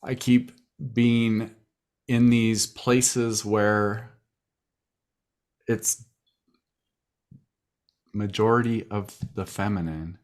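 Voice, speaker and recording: Slow, reflective man with a low voice. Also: fairly even intonation, darkish tone. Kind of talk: podcast conversation.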